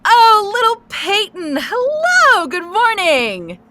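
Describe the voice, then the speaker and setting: A woman voicing a cheerful, loud, over-caffeinated female town mayor who talks in a gushing, scattered way. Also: very high voice, wildly swooping pitch, pitched above the performer's own voice, full character voice. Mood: delighted. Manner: bubbly and gushing, fast and scattered.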